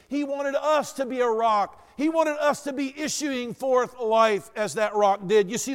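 A man with a notably high voice delivers a sermon as a pastor. He moves between storytelling and loud, emphatic declarations of faith. His words ring out with a long reverb, as if in a large church sanctuary.

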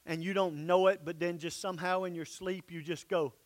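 A pastor preaching a sermon in a church, emphatic, sometimes dropping to soft, low asides. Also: male voice, fairly even intonation, a little fast.

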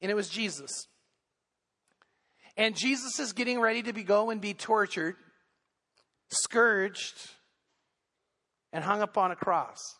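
Male pastor, high voice, earnest storytelling sermon, long church reverb. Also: takes it slowly, pauses often, bright, forceful tone. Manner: earnest storytelling, building intensity. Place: church sanctuary.

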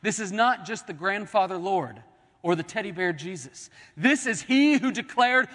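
A man delivers a sermon, his voice sitting high for a man. He stretches key words slowly, sinks almost to a whisper, then rises into loud declarations. The sound carries a long reverb from a church sanctuary. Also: expressive. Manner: dramatic preaching, swelling and dropping to near-whispers. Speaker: pastor.

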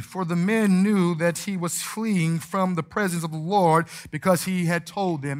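A man's voice: sits high, unhurried. A man preaching a sermon, acting out scripture and stories in character. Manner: animated preaching, acts out scripture and anecdotes in character. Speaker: pastor.

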